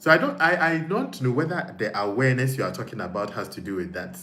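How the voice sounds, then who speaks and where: A man's voice: mid-range voice, big pitch swings, fast, bright, forceful tone. A man with a Ghanaian accent hosting a casual live stream, reading viewer comments and thinking aloud with frequent repeats. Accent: Ghanaian English. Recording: echoey room with faint noise.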